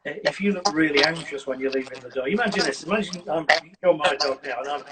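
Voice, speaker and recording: A man, a dog trainer, giving lively, casual advice on a video call. He acts out scenes and keeps checking in with "right?". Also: on the high side, fast talker, a loud crowd. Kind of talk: casual advice on a live stream. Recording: distant mic with loud noise.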